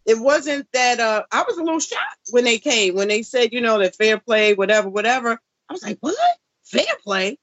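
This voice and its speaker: A woman chatting casually as a guest, blunt and lively, with loose nonstandard grammar. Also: on the high side, brisk, few pauses, dry recording. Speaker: guest, former contestant. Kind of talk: casual chat. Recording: dull lo-fi dry sound.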